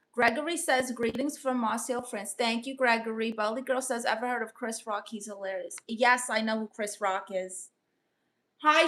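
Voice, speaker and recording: Sassy bright-voiced Brooklyn woman. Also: a little high. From Brooklyn, New York. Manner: sassy, quick comebacks, reads comments aloud. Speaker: livestream host reading chat. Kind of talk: casual livestream chat.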